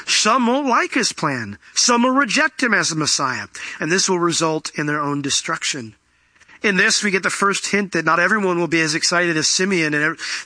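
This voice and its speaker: Animated high-voiced male pastor preaching. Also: no room sound. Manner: animated, acts out voices in quotes. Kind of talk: sermon.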